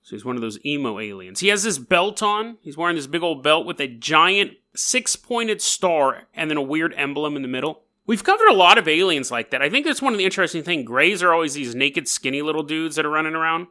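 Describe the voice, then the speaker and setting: A man's voice: a little high, fairly quick, few pauses. A man hosting a podcast, retelling a strange story with jokes and acted-out quotes. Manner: jokey, animated, acts out quotes. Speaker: podcast host. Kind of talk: comedic storytelling.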